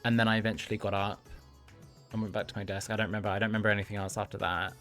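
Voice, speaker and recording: A man's voice: lowish voice, little pitch movement, rapid-fire, a bit bright, faint music behind. A man in his thirties, a livestream host telling a story to his chat, talking casually and laughing often. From United Kingdom. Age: 30s.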